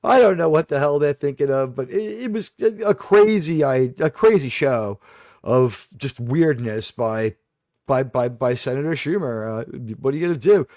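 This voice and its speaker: A man's voice: mid-range voice, animated, moderate pace, darkish tone, no room sound, clean studio sound. A man hosting a casual livestream chat, rambling and digressive with sudden aggrieved outbursts. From New York.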